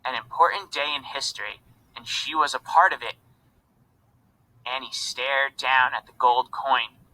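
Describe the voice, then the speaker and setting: A man reading a children's storybook aloud in an expressive narrating voice. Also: mid-range voice, a little slow, rough recording. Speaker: reader.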